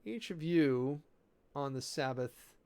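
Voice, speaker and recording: A man preparing a sermon in a loose, halting way, working through Greek words with many fillers and self-corrections, amused by the details. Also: mid-range voice, animated, a little mellow, clear, resonant tone. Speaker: preacher.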